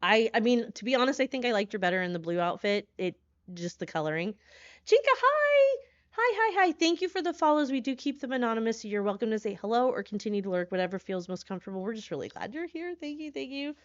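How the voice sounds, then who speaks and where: A woman horror streamer chatting live with her viewers, excitable, laughing often and swearing when startled, talking from a hotel room. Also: fairly high pitch, fast talker, no room sound, muffled recording.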